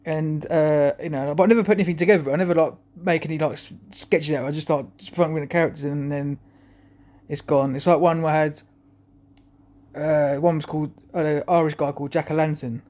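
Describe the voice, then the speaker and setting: A man's voice: fairly high pitch, steady tone, a little fast, darkish tone. A man talking to camera in a rambling, chuckling monologue full of restarts. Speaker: vlogger.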